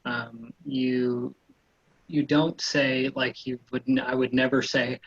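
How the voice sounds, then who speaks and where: Agent type, husky man, rambling casual chat, a bit dull and dry sound. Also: mid-range voice, level tone, measured pace, dry recording. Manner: rambling, loose, full of fillers and restarts. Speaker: real estate agent. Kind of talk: casual panel chat giving sales tips.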